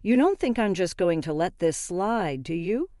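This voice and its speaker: A woman's voice: fairly low pitch, big pitch swings, moderate pace, dry recording, clean studio sound. A woman voicing a stern, imposing grown man who speaks sharply and gives orders. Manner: sharp, commanding.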